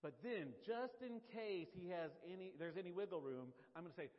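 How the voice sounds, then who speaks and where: A male pastor preaches in a chatty, joking way, often turning to his congregation with questions. His voice sits a little high for a man. The sound is somewhat dull and rings with a long hall echo. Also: lively intonation, moderate pace. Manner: conversational, jokey, addresses the audience. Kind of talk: sermon.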